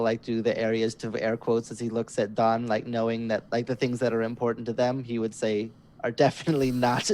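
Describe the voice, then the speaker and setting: Man, tabletop player, mid pitch, hesitant, lots of fillers. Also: darkish tone. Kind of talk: tabletop role-play narration.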